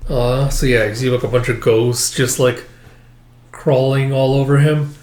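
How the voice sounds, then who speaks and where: A man's voice: mid-range voice, flat delivery, unhurried, a little mellow. A man casually reading through a comic chapter, rambling and using lots of filler words. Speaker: manga chapter reviewer. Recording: echoey room.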